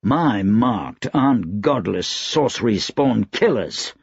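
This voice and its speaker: A man's voice: fairly low pitch, lively intonation, slow, creaky, darkish tone, slightly rough, dry recording, exaggerated voice. A man voicing a stern male field marshal who talks in terse growls, in an audiobook. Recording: dry, slightly dull recording.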